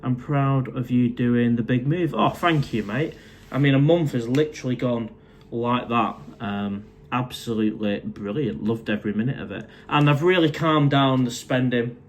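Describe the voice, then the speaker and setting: A man's voice: medium pitch, normal speed, a little hiss or hum. A man, casually chatting on a live stream from his condo, reading out viewer comments and calling everyone mate. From England.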